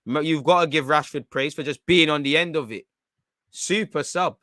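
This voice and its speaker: A man reacting live to a football match from home, bantering in slang and shouting when chances come. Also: on the high side, normal speed, no room sound, clean studio sound. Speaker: football watchalong streamer.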